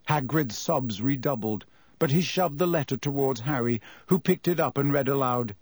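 A man narrating a children's fantasy story in a measured storytelling way. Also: medium pitch, darkish tone, no echo. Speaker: audiobook narrator. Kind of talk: scripted narration.

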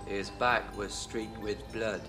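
An actor playing a stunned working man recounting what he saw, slow and measured. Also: lowish voice, steady tone, music in the background. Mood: shaken. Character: stunned male eyewitness worker, plain spoken.

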